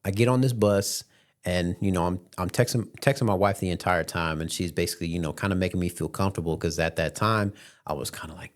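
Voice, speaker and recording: Laid-back, slangy storyteller man, fairly low voice. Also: fast. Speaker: podcast host. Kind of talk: casual storytelling.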